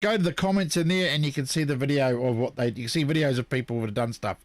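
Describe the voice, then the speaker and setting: A man's voice: mid-range voice, fast. A man from New co-hosting a casual live show, chatty and apologetic, reading out viewer comments while losing his voice. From New Zealand. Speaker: co-host. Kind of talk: casual live-stream chat.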